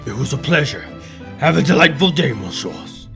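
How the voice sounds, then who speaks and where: A man's voice: mid-range voice, big pitch swings, moderate pace, vocal fry, over music. A man voicing a creepy, overly courteous aristocratic male bird baron. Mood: polite. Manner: courteous, oily, faux-French address. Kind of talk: let's play character voicing.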